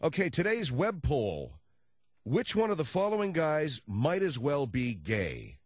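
Wry, animated male radio host. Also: on the high side, unhurried, no echo, clean studio sound. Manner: lively, wry and exasperated. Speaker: radio talk show host. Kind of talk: comedy talk radio. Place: radio studio.

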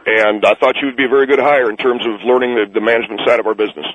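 A man's voice: medium pitch, steady tone, very fast, fairly bright tone, highs cut off, lightly acted. A man voicing a crude, defensive businessman who mocks and insults callers. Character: crude defensive male businessman, self-pitying. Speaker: guest character.

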